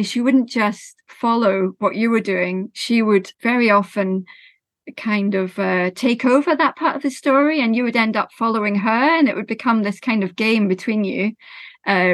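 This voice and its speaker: A woman, a storyteller who tells folk tales in a slow, rhythmic, expressive way and talks about her work as a guest. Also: mid-range voice, dry recording. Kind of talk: oral folk storytelling and interview talk.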